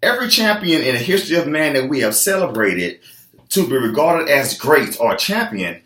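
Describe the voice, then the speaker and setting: A man's voice: medium pitch, big pitch swings, normal speed, fairly bright tone. A man giving a motivational fitness talk as a trainer, emphatic and preachy. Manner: emphatic, preachy, acts out clients' voices. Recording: echoey room.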